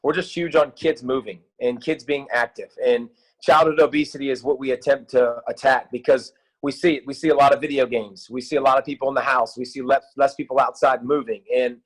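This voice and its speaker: A man in his thirties, a youth football coach, talking in an excited, rambling way with many restarts in a casual interview. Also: mid-range voice, fairly quick, husky, poor audio.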